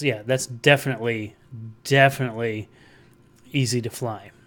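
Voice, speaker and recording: A man hosts a casual livestream, rambling through his chat with the viewers. His talk is loose and conversational, and he answers comments aloud as they arrive. His voice sits at an ordinary middle pitch. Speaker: livestream host.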